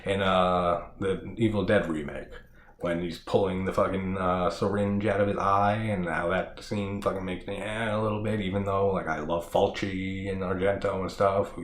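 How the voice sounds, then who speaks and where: A man's voice: sits low, fairly even intonation, normal speed. A man hosting a horror review channel, recapping a film in a rambling, laughing way with lots of swearing and filler words. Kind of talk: casual spoken film recap. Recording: echoey room with faint background noise.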